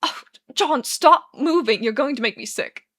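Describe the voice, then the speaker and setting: A woman voicing an animated, playful young man who talks in a sing-song, mock-haughty way in a read-aloud fan story. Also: on the high side, moderate pace, natural voice. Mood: whiny.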